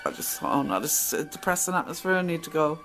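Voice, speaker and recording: A woman's voice: low-pitched, expressive, fast, fairly bright tone, faint music behind, rough recording. A middle-aged woman telling stories from her past in a casual, blunt monologue. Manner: chatty, blunt, acts out quoted exchanges. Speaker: channel host.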